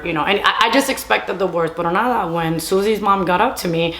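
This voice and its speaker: A young woman tells a storytime to camera, chatty and loose, slipping Spanish phrases into her English. Her voice sits a little low for a woman. The room around her gives a noticeable echo. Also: brisk, hardly any pauses, fairly bright tone. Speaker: storytime vlogger. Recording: roomy echo.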